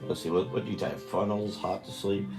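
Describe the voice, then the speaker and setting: A tired older man with a deep, gravelly voice talks his way through a live drawing stream in a steady tone at a fairly quick pace. Chatty and meandering, he loses his thread and restarts sentences, and faint music plays behind him.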